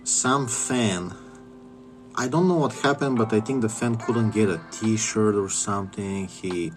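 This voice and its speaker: A man's voice: on the low side, unhurried, soft background music. A man ranting crudely in a commentary vlog, swearing and repeating himself as he goes. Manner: crude, profane, repetitive ranting. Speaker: wrestling vlogger.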